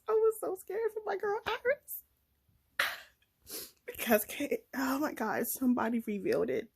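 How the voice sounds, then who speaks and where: A young woman vlogging, chatting excitedly and emotionally about a book she just read, talking straight to her viewers. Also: very high-pitched, a little slow, gravelly, pauses often, poor audio. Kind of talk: casual chat.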